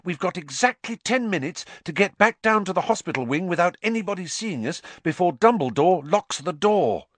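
A man's voice: sits high, animated, normal speed, few pauses, no echo, voice pushed up. A man voicing a clever, anxious teenage girl who speaks urgently and tensely.

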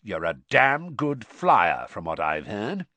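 A man reading aloud and voicing a gruff, suspicious old male wizard who growls his words, in a storybook reading. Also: on the low side, very animated, slow, pushed and bright, no room sound, full character voice.

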